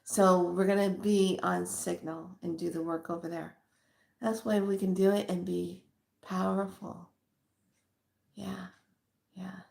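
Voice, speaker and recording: A woman's voice: lowish voice, level tone, a little slow, creaky, pauses often, darkish tone. A woman hosting a spiritual channel, talking casually and emphatically to her viewers with a preachy edge and spontaneous asides. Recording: echoey room.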